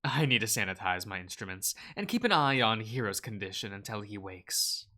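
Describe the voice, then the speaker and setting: A man's voice: on the low side, animated, fairly quick, sharp tone. Man voicing a stern, curt woman doctor. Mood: commanding. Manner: curt, commanding, dry. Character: stern intimidating female doctor from Holland.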